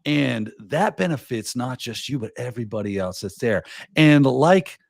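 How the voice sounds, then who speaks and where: A man's voice: mid-range voice, normal speed, vocal fry, no echo, studio quality. A man hosting a casual live show, giving advice and acting out little quoted scenes as he talks. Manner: animated, acts out little scenes in quoted voices. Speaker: podcast host.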